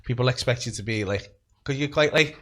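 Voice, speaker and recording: A man, a podcast host chatting casually, joking and quick to laugh. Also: medium pitch, a bit bright. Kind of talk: casual chat.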